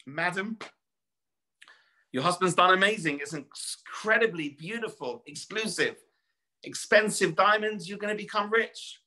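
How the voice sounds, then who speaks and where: A man's voice: high-pitched, a little slow, sharp tone, voice pushed up, full character voice. A man voicing a polite, formal jeweler who addresses a woman as madam. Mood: impressed.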